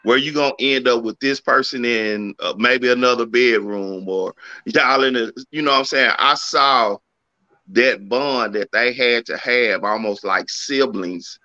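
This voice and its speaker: A man on a talk show panel, telling family stories in a relaxed, conversational way. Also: medium pitch, a little slow. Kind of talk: casual panel discussion. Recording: dull, lo-fi mic sound.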